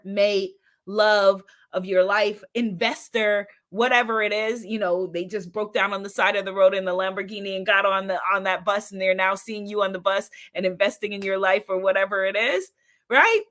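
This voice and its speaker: A woman's voice: mid-range voice, normal speed, sharp tone. A woman hosting an inspirational live-stream talk, enthusiastic, laughing often and repeating affirmations. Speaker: spiritual host.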